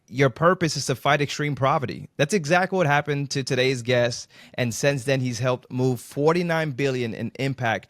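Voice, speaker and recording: A man's voice: mid-range voice, fairly bright tone, dry recording, studio quality. A man hosting a podcast interview over a video call, enthusiastic and informal. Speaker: podcast host.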